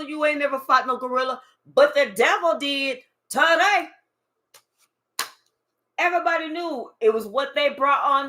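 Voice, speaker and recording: A woman's voice: very high voice, sharp tone. A woman doing a tarot reading to camera, emphatic and profane, talking straight to the viewer and murmuring asides to spirit. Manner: emphatic, swearing, addresses the viewer directly. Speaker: tarot reader. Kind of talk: channeled card reading, casual and profane.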